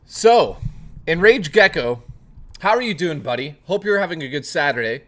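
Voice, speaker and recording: A man's voice: fairly high pitch, animated, moderate pace, fairly bright tone. A man hosting a casual chat stream, rambling and joking with plenty of swearing, greeting chat readers by name. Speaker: livestream host.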